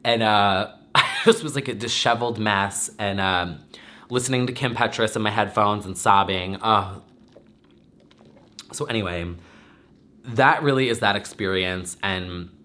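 Young man vlogger, teary and rambling, bright pushy tone, lowish voice. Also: unhurried. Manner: rambling, swearing, with many restarts and fillers. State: teary, emotional. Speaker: podcaster and vlogger. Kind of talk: emotional casual talk to camera.

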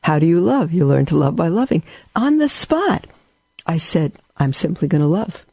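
Gravelly man giving a spiritual talk. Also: fairly high pitch, sing-song, moderate pace, dry recording. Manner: storytelling, warm and rambling with asides. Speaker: religious teacher.

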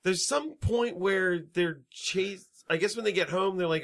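A man's voice: high-pitched, a little slow. A man co-hosting a podcast, casually recapping a movie plot in a rambling, profane way and often correcting himself. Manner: rambling, swearing, backtracking. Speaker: podcast co-host.

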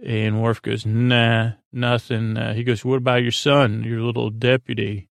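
Gravelly man rambling through a recap. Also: mid-range voice, level tone, unhurried, dry recording. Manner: rambling, many filler "uh"s, quotes characters in his own voice. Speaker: podcast host. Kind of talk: casual episode recap.

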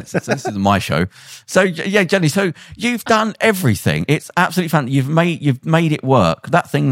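A man hosting a podcast, retelling a story in a lively, casual way and acting out the quotes. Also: medium pitch, no room sound, clean studio sound. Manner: animated retelling with acted-out quotes. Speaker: podcast host.

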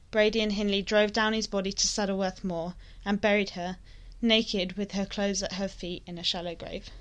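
A young woman co-hosting a true-crime podcast, chatting casually and reading passages aloud in a low, steady voice. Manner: reads passages in a low, steady voice with frequent "like" in chat. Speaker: podcast co-host.

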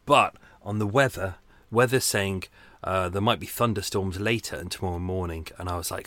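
A man's voice: low voice, normal speed, sharp tone, no room sound. Rambling man hosting a podcast. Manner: rambling, self-deprecating, swears casually, many fillers. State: hot and flagging in the heat. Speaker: true crime podcast host. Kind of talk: casual solo podcast monologue.

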